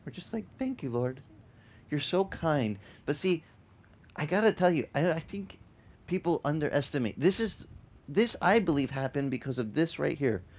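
A middle-aged male pastor preaching in a relaxed, conversational way, acting out the people in his stories. His voice sits a bit high for a man and swings widely in pitch as he tells them. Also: moderate pace. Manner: animated, acts out quoted voices, repeats words. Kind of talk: conversational sermon with storytelling. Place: church in Hawaii.

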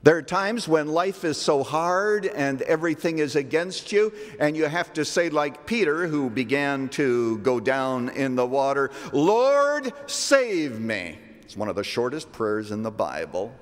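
An older man preaching a sermon as a pastor, slowing down to stress scripture verses with emphatic delivery. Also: medium pitch, lively intonation. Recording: long reverb of a large hall.

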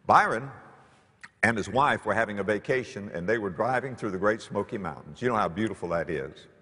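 Animated preacher in a reverberant sanctuary. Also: male voice, fairly quick, slightly rough. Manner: animated, dramatic swings in pitch and loudness. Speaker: pastor. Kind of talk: storytelling sermon. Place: church sanctuary. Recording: long reverb of a large church.

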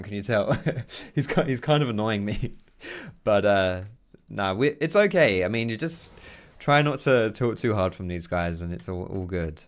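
A man's voice: on the low side, expressive, normal speed, hardly any pauses. A man giving casual commentary while playing a video game, chatty, swearing and chuckling often. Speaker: gaming video creator.

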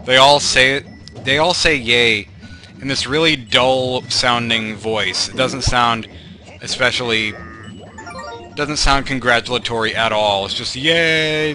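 A man's voice: medium pitch, noisy background. A young man giving meandering, self-deprecating commentary over gameplay, full of fillers and tangents. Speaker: let's play commentator. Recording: game music playing behind. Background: game music.

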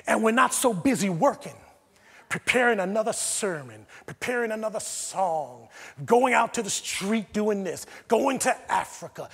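A man's voice: extremely high pitch, animated, a little slow, creaky, a bit bright, husky, a faint crowd. A man with an American accent, a pastor preaching a sermon, moving from near-whispers to emphatic preaching. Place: church sanctuary. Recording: long church hall reverb.

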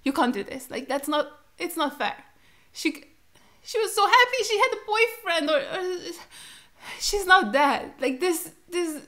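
High-voiced crying young woman. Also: a bit bright. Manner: distraught, pleading, swearing in disbelief. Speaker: reaction video host. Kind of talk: emotional reaction commentary.

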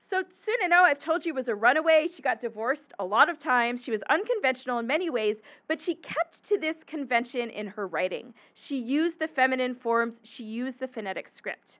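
A woman with a high voice lectures on her historical research, explaining patiently and now and then pausing on an um or correcting herself. The recording is somewhat muffled and dull, like a talk captured in a lecture hall. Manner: explanatory, occasional ums and self-corrections. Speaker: historian giving a book talk. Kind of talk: academic lecture with slides.

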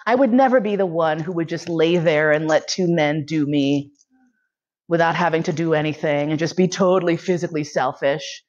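Frank, laughing woman with a low voice. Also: normal speed, muffled recording. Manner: frank, bawdy, animated, laughs often. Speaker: lecturer. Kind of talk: candid storytelling lecture.

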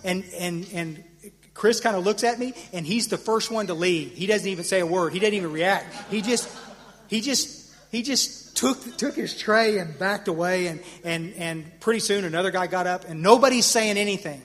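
A middle-aged man telling his personal recovery story to a convention audience. He tells it in an animated way, stammers and restarts often, pushes up for the punchlines and drops low for the reflective parts. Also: moderate pace. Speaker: AA convention speaker. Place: convention hall. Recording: hall reverb from a live convention talk.

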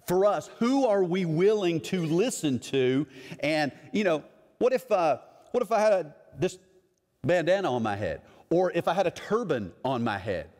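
A man's voice: fairly high pitch, animated, normal speed, a little mellow, long reverb tail. A middle-aged man preaching a sermon as a pastor, conversational and acting out other people's voices in his stories.

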